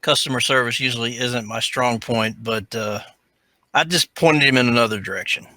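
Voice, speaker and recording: A man talks through his turn in a tabletop game in a laid-back, plain way. His voice is bright, and the sound is dry and close. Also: medium pitch, moderate pace, no echo. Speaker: player. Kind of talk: casual tabletop play.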